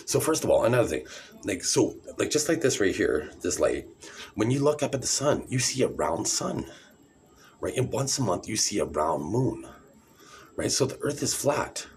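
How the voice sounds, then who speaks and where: A man's voice: fairly low pitch, sing-song, normal speed, darkish tone, a little hiss or hum. A man ranting in a rambling, sarcastic, profane monologue to camera, calling people idiots. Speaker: vlogger.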